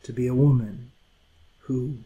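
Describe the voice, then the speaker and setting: A middle-aged man preaching a Bible lesson with earnest, pleading urgency that drops to quiet intensity. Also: mid-range voice, fairly even intonation, unhurried, breathy edge, low-quality recording. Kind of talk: sermon.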